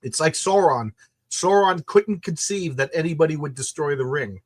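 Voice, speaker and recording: A man's voice: a little high, expressive, moderate pace. An American man co-hosting a casual livestream chat, enthusiastic and often repeating words as he thinks. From United States. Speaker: co-host of a comics show.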